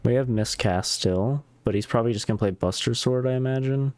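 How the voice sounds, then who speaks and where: A man's voice: medium pitch, a little fast, a little mellow. A man streaming a card game, talking through his moves in a casual, wry way and muttering dry asides at his opponents. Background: music playing.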